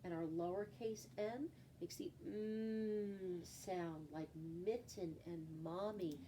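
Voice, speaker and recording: A patient woman leads a children's phonics lesson, drawing out each example word slowly. Her voice is mellow and soft, picked up from a little way off the mic. A faint hiss sits underneath. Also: on the low side. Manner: slow, patient, drawn-out example words. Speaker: teacher. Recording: voice from a distance, faint background noise.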